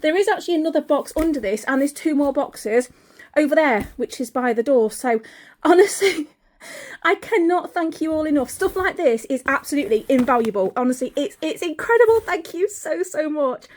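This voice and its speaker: A woman chatting casually in a home and garden vlog, excitable and gushing, laughing often and swearing freely. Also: high voice, normal speed.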